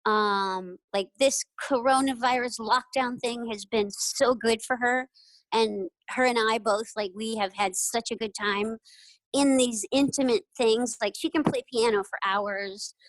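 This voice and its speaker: A middle-aged woman, a guest on an interview show, telling lively stories and often acting out quoted voices with laughter. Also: fairly high pitch, a little slow, dry recording, poor audio. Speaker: guest, retired jockey. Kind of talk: casual interview storytelling.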